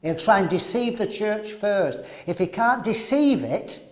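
A man preaching at a men's seminar, animated and throwing rhetorical questions to the audience. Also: sits high, a little slow.

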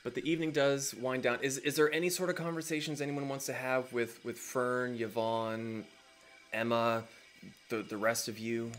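A man's voice: medium pitch, steady tone, normal speed, a little hiss or hum. A man narrating as game master in a tabletop game, rambling with many fillers.

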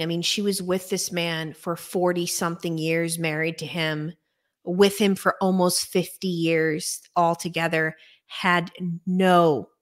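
A woman hosting a casual conversation as a coach, animated and quick to laugh, often repeating words. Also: lowish voice. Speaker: podcast host and coach.

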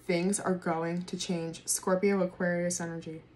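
A woman doing a casual tarot reading to camera, excitable, swearing freely and laughing often. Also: lowish voice, measured pace. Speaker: tarot reader.

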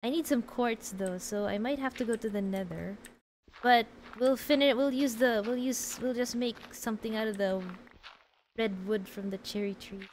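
A woman's voice: on the high side, moderate pace, a little mellow, slight background noise, rough recording. A woman streaming a game, chatting casually, answering chat and laughing often.

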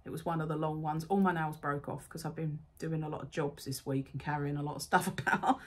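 A woman's voice: low voice, fairly even intonation, fairly quick. A woman chatting casually as she unboxes items at home, gushing over how cute everything is. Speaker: unboxing vlogger.

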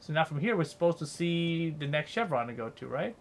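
A man's voice: on the high side, expressive, fairly quick, slight background noise. A young man streaming a game, rambling casually and swearing while chatting with his viewers. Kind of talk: casual gameplay commentary.

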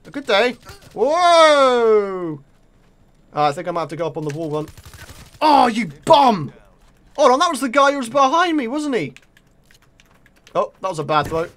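A man with a British accent commentating live on his own gameplay, excitable and taunting his opponents. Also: high-pitched, fast talker. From Britain. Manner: excitable, talks to opponents and viewers. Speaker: gaming video creator.

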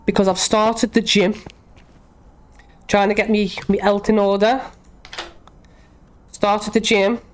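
Playing a horror game for her YouTube channel, a young woman talks to herself and lets out shrieks when frightened in this casual let's-play. She has a medium-pitched voice with little pitch movement, speaks slowly with long pauses, and there's a bit of hiss or hum.

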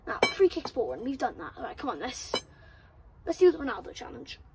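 A breathless young woman chatting and mocking herself while filming outdoors in a garden. Her voice sits high, and the outdoor recording carries a lot of background noise. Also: huge pitch swings, brisk. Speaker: vlogger. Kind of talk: casual outdoor football vlog.

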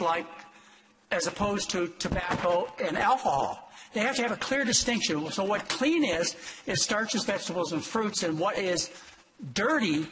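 Emphatic older man, high and bright. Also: slight background noise, poor audio. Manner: emphatic and exhortative, with sharp jumps in pitch. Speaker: doctor giving a talk. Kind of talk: lecture to an audience.

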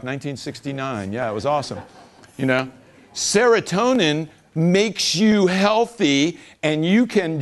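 A man giving a casual, joking talk to an audience at an event, laughing along with them. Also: medium pitch. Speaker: speaker at a business event.

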